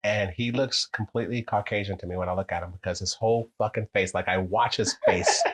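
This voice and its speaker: A low, husky male voice tells stories in a loose, casual chat. He swears freely and jumps into character for quoted lines. The delivery is animated and conversational. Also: fairly quick, poor audio. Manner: animated, profane, acts out quotes with big pitch jumps.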